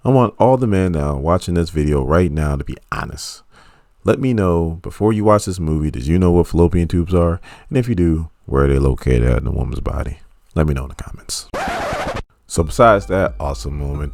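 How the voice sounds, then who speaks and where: A man's voice: extremely low pitch, brisk. A man giving a casual, joking video review of a superhero film to his channel's viewers. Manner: joking, animated storytelling. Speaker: YouTube movie reviewer.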